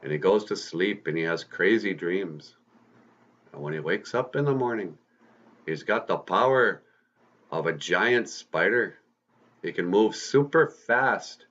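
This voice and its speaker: Low-voiced guy spinning a story, folksy and chatty, kinda dull lo-fi sound. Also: a bit bright. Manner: folksy, conversational retelling with drawn-out emphasis. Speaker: storyteller host. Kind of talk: casual oral storytelling.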